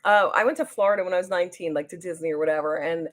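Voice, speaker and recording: A woman's voice: on the low side, racing. A woman with a New Jersey accent hosting a casual makeup livestream. She chats with viewers and reads their comments aloud, often trailing off mid-sentence while she works on her makeup. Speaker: beauty livestream host.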